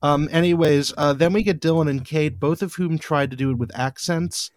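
A man's voice: a little high, normal speed, no room sound, studio quality. A man hosting a casual podcast, recapping an episode in a rambling, wry way with lots of fillers and restarts. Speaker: podcast host.

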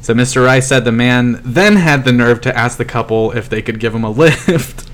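A man co-hosting a casual podcast, telling news stories in a relaxed way and laughing often. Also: medium pitch, normal speed, slight background noise. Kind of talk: casual chat.

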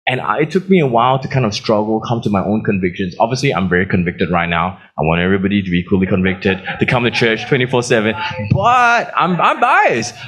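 A young Australian man with a slightly Americanised accent preaching, telling stories in an animated way and laughing at his own jokes. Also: on the low side, quick pace, slightly rough. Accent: Australian, with some American. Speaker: pastor. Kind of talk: sermon.

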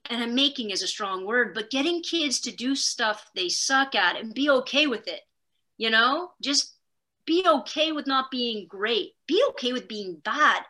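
Talk as a middle-aged woman on a podcast: keep it bright and a little high, spilling stories with self-mocking energy. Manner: animated storyteller, talks fast in bursts, self-deprecating. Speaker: podcast guest. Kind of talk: casual conversation.

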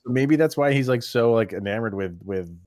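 A man's voice: mid-range voice, lively intonation, brisk, a little mellow, no echo, clean studio sound. A man chatting casually as a podcast co-host, rambling with many fillers and restarts. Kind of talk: casual chat.

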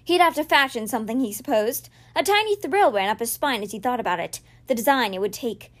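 A woman hosting a podcast, reading a children's novel aloud with expressive storytelling. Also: on the high side, brisk. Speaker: podcast reader.

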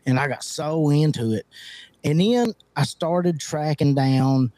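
A man's voice: on the high side, slow, warm tone, no echo. A man co-hosting a podcast, rambling and self-deprecating, getting worked up as he goes. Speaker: podcast co-host. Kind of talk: casual podcast chat.

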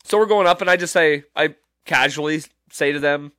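A man's voice: on the high side, a little fast, bright, forceful tone, no echo, clean studio sound. Profane rambling man telling a story. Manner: rambling, profane, incredulous, many restarts. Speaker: podcast host. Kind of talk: casual storytelling monologue.

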